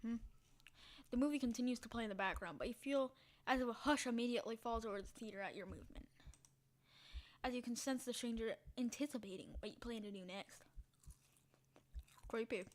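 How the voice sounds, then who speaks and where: A woman's voice: a little high, fairly quick, pauses often. A woman reading a text game's story aloud with dramatic delivery, breaking off for short spoken asides and sometimes dropping into a whisper. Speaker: game streamer.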